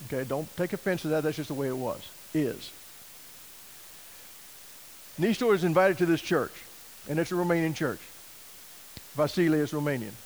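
A man tells a story from the pulpit in a folksy, animated sermon style, acting out the lines of the people in it. His voice sits a little high for a man. A faint hiss runs under the recording. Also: moderate pace, long pauses, low-quality recording. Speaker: missionary preacher.

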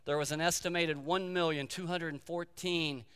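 Pastor, male, preaching in a church sanctuary; bright, forceful tone with a long echo behind. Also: a little high, steady tone, moderate pace, smooth. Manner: storytelling preacher, repeats key phrases for emphasis. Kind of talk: sermon. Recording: long hall reverb.

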